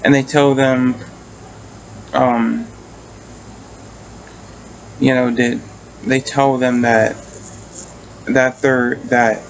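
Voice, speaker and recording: A man's voice: mid-range voice, fairly bright tone, a little hiss or hum, rough recording. A man casually recapping and reviewing a TV episode. He rambles, restarts often and swears casually.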